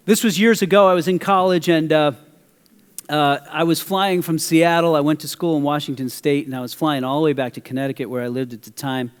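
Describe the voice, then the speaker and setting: A middle-aged man preaching from the pulpit, moving between teaching and an animated personal story. His voice sits somewhat high, and a long hall reverb trails every phrase. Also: fairly quick, clear, resonant tone. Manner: animated, acts out a story with quoted voices and audience questions. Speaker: pastor. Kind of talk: sermon with storytelling.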